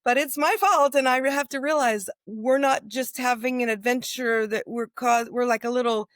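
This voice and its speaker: A chatty American woman in her fifties tells stories with a fairly high voice, bringing every quoted line to life. The recording is close and dry, with no room echo. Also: normal speed. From United States. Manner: animated storyteller, acts out quoted dialogue. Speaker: guest author. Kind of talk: casual interview storytelling.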